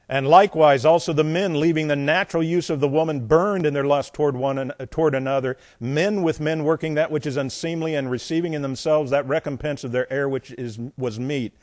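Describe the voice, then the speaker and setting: A man preaching a sermon, reading scripture aloud and commenting between verses, with folksy joking asides and swings between loud emphasis and quiet remarks. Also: fairly high pitch, normal speed, dry recording, clean studio sound. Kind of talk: sermon, Bible exposition.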